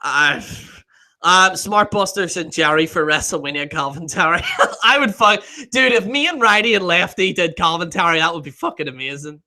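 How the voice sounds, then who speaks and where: This excitable man hosts a live stream in a high voice with a very bright, forceful edge, talking at normal speed. He reads viewer comments aloud, laughs a lot, swears freely, and often stumbles over names or trails off mid-thought.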